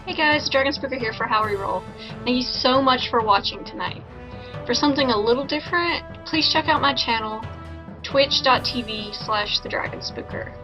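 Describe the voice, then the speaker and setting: A woman's voice: a little high, music in the background. Upbeat woman on dull lo-fi audio. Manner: upbeat and fast. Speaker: player. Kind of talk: quick show outro.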